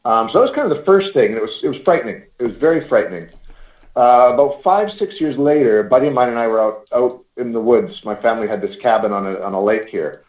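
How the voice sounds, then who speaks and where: A man's voice: mid-range voice, lively intonation, fast. A man in his forties from Canada, telling rambling stories in a casual chat and swearing now and then. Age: 40s. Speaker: paranormal investigator guest. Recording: roomy, dull lo-fi call audio.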